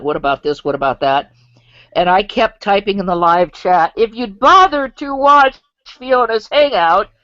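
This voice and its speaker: A woman in a casual online group chat, talking quickly and chattily with exasperation. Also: medium pitch, a bit bright, no echo. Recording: dry, dull lo-fi web call audio.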